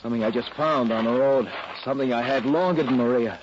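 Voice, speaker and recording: An actor playing a hot-tempered, bullying rural husband who barks orders gruffly, in 1940s radio acting style. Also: male voice, mid-range voice, quick pace, natural voice. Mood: sneering. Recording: lo-fi old radio recording with noise.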